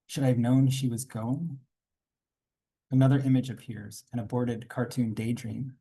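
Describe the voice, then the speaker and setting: A man reading aloud from his own graphic memoir at a conference panel, quiet and reflective, with small asides to the audience. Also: mid-range voice, level tone, normal speed, slightly rough. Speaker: comics artist reading his work at a panel.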